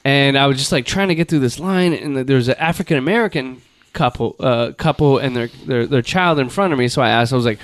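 A man's voice: medium pitch, fast talker, hardly any pauses, dry recording. A man telling a long rambling story in casual chat, with crude jokey humor.

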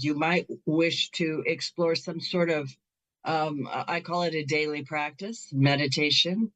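A woman's voice: low-pitched, fairly bright tone. A middle-aged woman hosting a talk show and Reiki practice, chatting in an upbeat way with frequent laughs and fillers. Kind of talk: casual chat.

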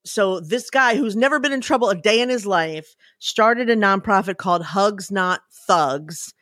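Animated woman telling a story. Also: mid-range voice, normal speed, no room sound, studio quality. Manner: animated storytelling, breaks into loud excited impressions. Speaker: podcast co-host. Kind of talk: casual chat.

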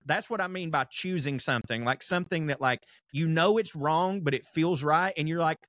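A man's voice: fairly high pitch, brisk, few pauses, a bit bright, no room sound, clean studio sound. A young man co-hosting a podcast, chatting casually in a rambling, profane way and laughing often. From American South. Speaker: podcast co-host. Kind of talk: casual chat.

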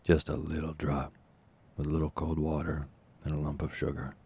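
A man's voice: extremely low pitch, completely flat delivery, normal speed, gravelly, a little mellow, husky, heavily acted. A man voicing a fawning, scheming woman who runs an orphans' home, gushing and falsely humble. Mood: coaxing. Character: fawning scheming older woman, a workhouse nurse.

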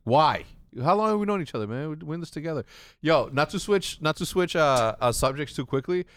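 A man's voice: on the high side, lively intonation, a little fast, fairly bright tone, no echo. Joking, profane man in casual chat. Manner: joking, profane, trails into restarts.

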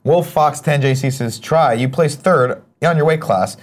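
A man's voice: on the high side, a little slow. A man hosting a casual morning show, joking around and reading viewer comments aloud. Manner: joking, animated, swings into silly voices.

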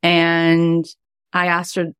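A woman's voice: on the low side, completely flat delivery, drawn-out words, fairly bright tone, smooth, no echo, clean studio sound. A middle-aged woman, a life coach and podcast host, telling a personal story in a chatty, heartfelt way, with many "like" fillers.

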